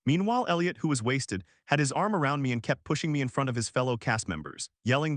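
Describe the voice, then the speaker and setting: A man reads a first-person audiobook in a reflective, confessional tone. His voice sits at an ordinary middle pitch. The recording is dry and close, with no room sound. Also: very animated, fast, fairly bright tone, no room sound. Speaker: audiobook narrator.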